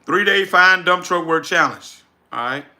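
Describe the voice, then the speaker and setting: A man with a Southern Louisiana drawl chats live with his viewers. His voice sits high and rings very bright. He talks with energy and repeats his points like a preacher. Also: a little slow. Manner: energetic, reads chat names aloud, preacherly repetition. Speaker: livestream host, business coach. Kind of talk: casual livestream chat.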